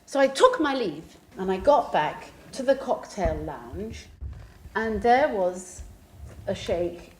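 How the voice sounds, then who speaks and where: A woman pianist telling an anecdote with lively, theatrical delivery and laughing asides. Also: mid-range voice, takes it slowly, a little hiss or hum. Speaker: pianist and storyteller. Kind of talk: anecdotal storytelling.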